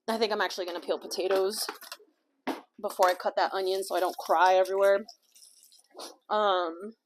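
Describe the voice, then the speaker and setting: A woman vlogger and life coach in a home kitchen, rambling candidly through a casual chat full of fillers and swearing. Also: mid-range voice. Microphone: small clip-on mic.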